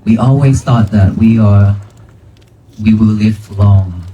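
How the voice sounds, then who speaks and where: A man's voice: lowish voice, mellow, lo-fi sound, slight background noise. A man, a Buddhist monk, giving a plain-spoken dharma talk to a crowd outdoors in a cemetery, in English. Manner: slow, plain-spoken, non-native phrasing.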